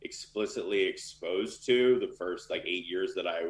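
A man's voice: deep voice, moderate pace, echoey room. A man talking casually and candidly as a guest in an interview, with lots of fillers. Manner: loose and candid, many fillers. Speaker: literary manager.

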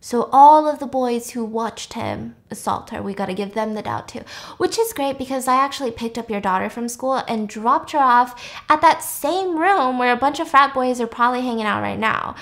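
A woman's voice: a little high, lively intonation, normal speed, a bit bright. A woman voicing a cold, mocking young woman who taunts with heavy sarcasm.

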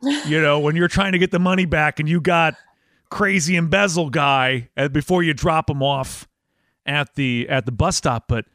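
Male podcast host, jokey, bright upper voice, dry sound. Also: fairly high pitch, normal speed, no room sound. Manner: playful, jokey, voice leaping up and down. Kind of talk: casual interview chat.

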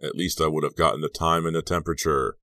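A man's voice: extremely low pitch, fairly even intonation, quick pace, bright, forceful tone, dry recording, clean studio sound, full character voice. A man reading a brash teasing teenage boy. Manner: teasing, needling jokes. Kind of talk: audiobook character reading.

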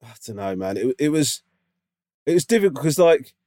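A man's voice: a little high, sing-song, normal speed, mellow, no room sound, clean studio sound. A man co-hosting a podcast, chatting casually and telling a rambling story full of fillers. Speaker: podcast co-host. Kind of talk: casual chat.

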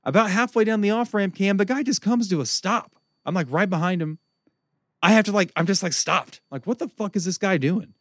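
Animated, profane storytelling man. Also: sits high, a little fast, no echo, studio quality. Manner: profane, animated, laughs often. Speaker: podcast co-host. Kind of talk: casual storytelling chat.

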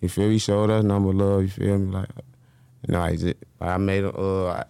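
A man telling stories as an interview guest in a casual, slangy, animated way. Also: low-pitched, brisk, vocal fry, clean tone, dry recording. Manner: animated, slangy, acts out quotes.

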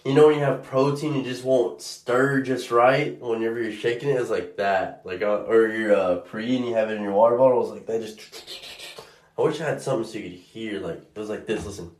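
A man's voice: fairly low pitch, brisk, a little mellow, reverberant. A man, a food delivery driver, telling a casual story with lots of swearing and exasperation, acting out both sides of the conversations. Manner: profane, exasperated, acts out both sides of dialogue.

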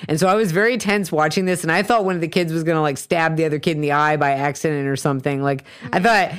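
A woman co-hosting a casual podcast chat, retelling a film scene with lively storytelling and casual swearing. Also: low-pitched, quick pace, clear, resonant tone. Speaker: podcast co-host.

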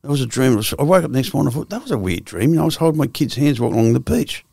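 A man's voice: mid-range voice, expressive, racing, gravelly, dark tone, husky, dry recording, studio quality. A man in his sixties with an Australian accent, a guest telling his life story bluntly and profanely, full of restarts. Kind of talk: candid storytelling interview.

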